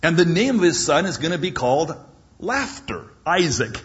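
A man's voice: fairly high pitch, very animated, moderate pace, dull audio. A man preaching a sermon with dramatic storytelling and jokes.

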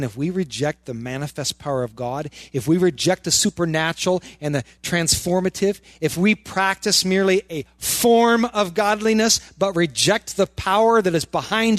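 A man's voice: high-pitched, no room sound. A male pastor preaching a sermon in church, firing rhetorical questions and repeating words for emphasis.

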